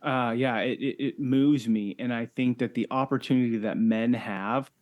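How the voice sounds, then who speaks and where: A man's voice: medium pitch, fairly even intonation, normal speed, lo-fi sound. Emphatic man asking "right?" as a podcast guest. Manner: emphatic, keeps checking in with "right?". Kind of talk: casual faith-based conversation.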